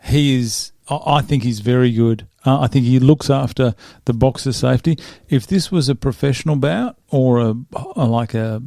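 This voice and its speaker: Mellow-voiced man, chatty host. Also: medium pitch, normal speed, vocal fry, hardly any pauses, dry recording, clean studio sound. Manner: joking, rambling, self-interrupting. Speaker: podcast host. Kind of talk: casual chat.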